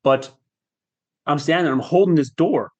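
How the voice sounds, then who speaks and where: A man speaking as a guest on a podcast, telling a personal story in a reflective, halting way. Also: fairly high pitch, darkish tone. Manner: reflective and halting, with fillers and restarts.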